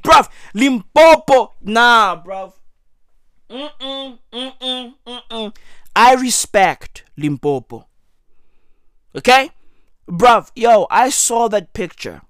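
Slow-talking slangy man ranting. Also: very high voice, no echo, clean studio sound. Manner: slangy, loud outbursts, repetitive. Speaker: comedic ranter. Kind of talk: profane comedic rant to camera.

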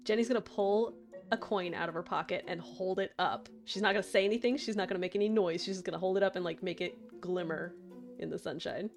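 A woman's voice: on the low side, steady tone, fast talker, soft background music. A woman playing a tabletop role-playing game, narrating her character and often laughing. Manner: laughs often, acts out lines. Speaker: player.

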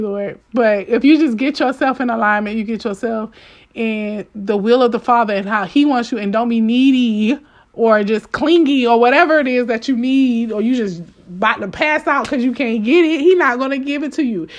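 A woman giving an informal spoken devotional to her listeners. She talks emphatically and repeats her key lines, swinging between fervent outbursts and quiet asides. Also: fairly high pitch. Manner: emphatic and repetitive, addressing listeners directly. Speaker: devotional speaker.

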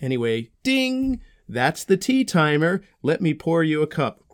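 A man's voice: a little high, big pitch swings, unhurried. A man voicing a friendly, goofy young male dragon in playful role-play with a child, cheery and giggly. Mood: jolly. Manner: cheery, giggly, rambling about made-up snacks.

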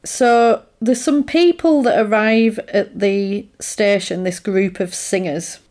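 A woman's voice: medium pitch, slow, a little mellow. A woman in casual conversation, recapping a film plot and acting out the characters' lines as she goes. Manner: chatty retelling, acts out characters' lines in quotes. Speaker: podcast co-host recapping a film. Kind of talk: casual chat.

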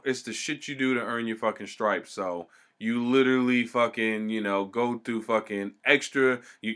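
A man's voice: mid-range voice, pushed and bright. A man telling stories in a casual, profane way, swearing constantly and acting out the people he quotes.

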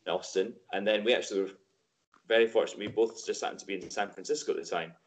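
A man's voice: fairly low pitch, fairly even intonation, quick pace. A man hosting a casual interview, friendly and encouraging, with short affirmations. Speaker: host.

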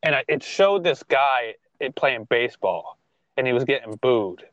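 A man's voice: mid-range voice, animated, moderate pace, fairly bright tone, no echo, highs cut off. A man co-hosting a podcast in casual chat, who laughs a lot and swears freely. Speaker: podcast co-host.

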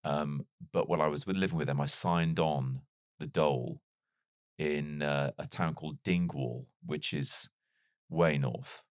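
A man with a very deep voice and a light Liverpool accent tells stories in a relaxed interview. He talks in a chatty, self-deprecating way with quick asides. The recording is dry and close, with no room sound. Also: no echo. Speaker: broadcaster and interview guest. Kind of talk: casual conversational storytelling.

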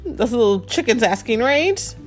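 A woman's voice: fairly high pitch, sing-song, normal speed, faint music behind. A woman in her thirties hosting a podcast, reading a picture book aloud to her child, playful and chatty. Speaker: podcast host and mother.

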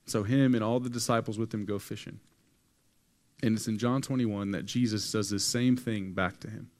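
A man's voice: lowish voice, fairly even intonation, normal speed. A man preaching a sermon to a congregation, telling a story with casual slang and acting out the quoted voices. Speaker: pastor. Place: church hall with an audience.

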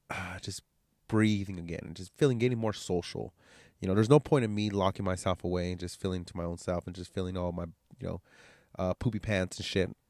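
A man with a low voice and a nose still blocked up from a cold talks straight into the mic, with little room sound around him. He hosts his podcast alone and rambles in a loose, profane, candid way. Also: a little mellow, no room sound, studio quality. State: congested, nasal from a cold. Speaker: podcast host. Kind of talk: casual solo podcast monologue.

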